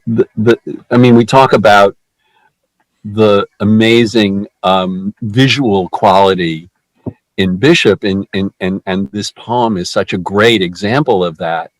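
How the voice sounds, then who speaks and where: A man leading a poetry discussion group, talking in a halting way with many restarts and fillers. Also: on the low side, steady tone, no room sound, low-quality recording.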